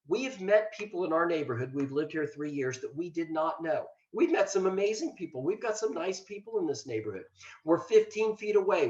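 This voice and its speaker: An older man from Ohio, a retired state trooper, giving a plainspoken, earnest talk on self-care with self-deprecating asides. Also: fairly high pitch. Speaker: mental health liaison, former state trooper. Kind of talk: webinar presentation. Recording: roomy, dull lo-fi sound.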